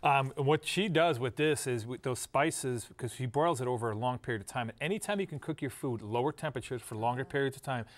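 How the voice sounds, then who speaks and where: A middle-aged man talks through a home recipe on a studio show. He is chatty and jokes, with frequent restarts. His voice sits at an ordinary mid pitch. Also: a little fast, few pauses. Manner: chatty, joking, restarts often. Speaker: cooking segment co-host. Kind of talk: casual studio chat.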